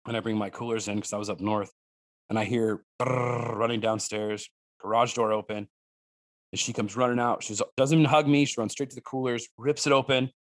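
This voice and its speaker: A man chatting as a podcast guest, telling animated stories with restarts and fillers and acting out his children's lines. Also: fast, dry recording. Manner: animated storyteller who acts out his daughters' lines in a higher voice. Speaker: guest, wild game cook and hunter. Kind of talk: casual podcast conversation.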